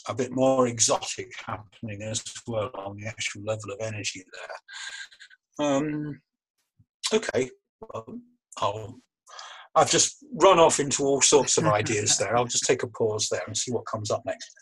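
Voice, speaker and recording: A man who is a magician and breathwork coach explains his practice in a thoughtful, relaxed interview over a video call. His medium-pitched, slightly bright voice moves at a moderate pace, and he often restarts his phrases. The remote call audio is low quality.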